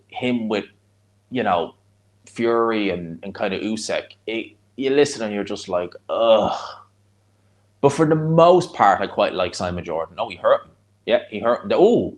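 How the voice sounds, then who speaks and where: Man, North Dublin accent, somewhat deep voice, live fight watch-along host, chatty, rambling, excitable. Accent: North Dublin (Fingal). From Ireland.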